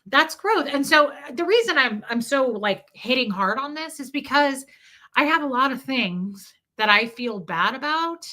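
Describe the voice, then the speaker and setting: A woman's voice: fairly high pitch, bright, forceful tone. A woman hosting a livestream, telling a personal story with emphasis and greeting her chat along the way. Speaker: livestream host.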